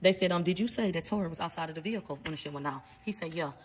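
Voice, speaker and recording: Addressing her viewers directly, this vlogger quickly and animatedly recounts trial testimony in blunt, profanity-heavy casual commentary. Her voice is on the low side, and the rough recording carries a slight hiss or hum.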